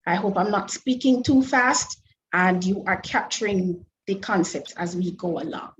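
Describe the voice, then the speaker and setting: Woman, webinar presenter, slow careful delivery, rhetorical questions, muffled low-fi sound. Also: a little hiss or hum. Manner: asks the audience many rhetorical questions; careful, deliberate explaining with frequent restarts. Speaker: webinar presenter on food safety. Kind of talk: online lecture presentation. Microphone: online webinar microphone.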